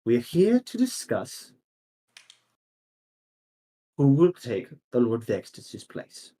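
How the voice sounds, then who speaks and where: A man's voice: medium pitch, huge pitch swings, takes it slowly, mellow, heavily acted, low-quality recording. A man voicing a senior male merchant lord who talks down placatingly. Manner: condescending, placating.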